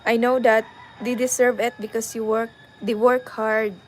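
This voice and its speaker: A young woman with a Cebuano Filipino accent, telling a personal story casually and pausing often to find her words. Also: a little high, little pitch movement, slight background noise, low-quality recording. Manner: halting, searching for words. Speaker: vlogger.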